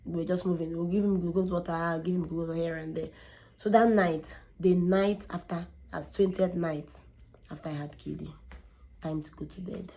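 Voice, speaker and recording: A young woman, telling a candid personal story in an animated way and often repeating words for emphasis. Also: fairly low pitch, normal speed. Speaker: vlogger.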